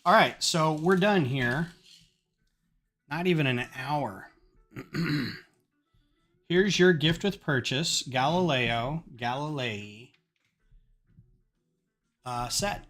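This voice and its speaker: Bright, forceful man on a casual build stream; chatty and wry, with faint music underneath. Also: fairly high pitch, expressive, very slow, long pauses. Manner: chatty, wry storytelling between build remarks. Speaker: streamer building a brick set. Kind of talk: casual live-stream chat.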